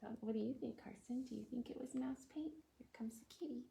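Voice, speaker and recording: High sing-song woman leading preschool storytime. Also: fast, creaky, a little hiss or hum. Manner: sing-song, gentle, talks softly to her cat and young viewers. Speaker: children's librarian. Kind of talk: preschool storytime with songs and picture book reading.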